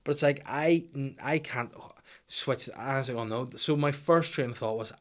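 A man's voice: mid-range voice, moderate pace. Profane rambling stand-up comedian man. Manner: profane, rambling asides, animated. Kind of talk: stand-up storytelling.

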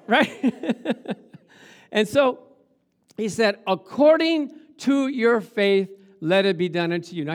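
A man preaching a sermon, acting out Bible scenes and laughing often as he talks. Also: high voice. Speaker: pastor.

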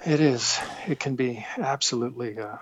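A man, a guest actor, telling stories in an interview, warm and self-deprecating, halting with fillers. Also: medium pitch, husky, no room sound, dull audio. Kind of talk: interview, storytelling.

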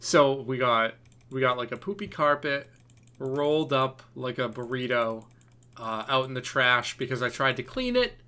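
A man with a bright, forceful voice, chatting casually as a podcast co-host. He tells rambling, animated stories packed with "uh" and "like." A computer keyboard clicks now and then in the background. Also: medium pitch, normal speed. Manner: rambling, animated storytelling with many fillers. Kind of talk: casual storytelling chat.

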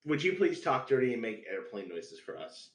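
A man's voice: mid-range voice, very animated, moderate pace. A man hosting a casual podcast chat, who asks playful questions in a teasing way. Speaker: podcast host. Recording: roomy echoey room.

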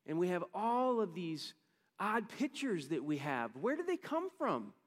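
A man's voice: high voice, big pitch swings, measured pace, big-room sound. A man preaching a sermon as a pastor, conversational and building to emphatic bursts.

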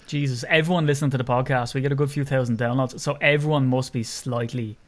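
A young Irish man hosting a chatty sports podcast, quick to crack jokes and drop a swear word. His voice sits at an ordinary middle pitch. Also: fairly even intonation, a little hiss or hum. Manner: joking, swears casually. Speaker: podcast host. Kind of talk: casual chat.

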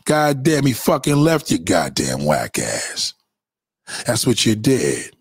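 Husky man in a heated profane rant. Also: on the low side, huge pitch swings, slow pace, no echo, studio quality. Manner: heated, profane, sing-song jabs. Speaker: vlogger. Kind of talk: ranting commentary video.

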